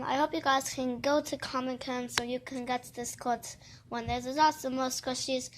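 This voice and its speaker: A woman's voice: sits high, a bit bright, slight background noise. A woman vlogging casually about a squishy toy in a cutesy put-on kitty voice, gushing and rambling. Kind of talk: casual toy show-and-tell vlog.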